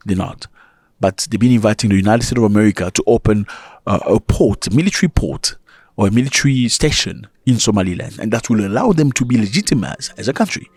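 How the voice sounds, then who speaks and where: Gravelly man firing rhetorical questions. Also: lowish voice, fast talker, no room sound. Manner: animated, rhetorical questions, chuckling asides. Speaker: commentator. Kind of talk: casual opinion commentary to viewers.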